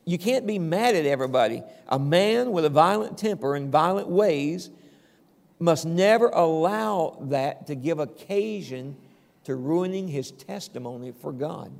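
With a measured pace, an older man preaches as pastor, keeping things relaxed and conversational, chuckling now and then and checking in with the audience. His voice is somewhat high and gravelly, echoing with the long reverb of a church hall.

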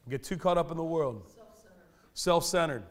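A man preaching a sermon in a church, animated and conversational, with self-deprecating humor. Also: on the high side, normal speed. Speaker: pastor. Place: church sanctuary.

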